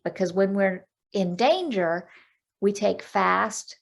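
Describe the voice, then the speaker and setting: Woman, life coach guest on a video-call podcast; gravelly, practical, counts breaths aloud. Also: mid-range voice, slow. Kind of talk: podcast interview, explaining calming techniques.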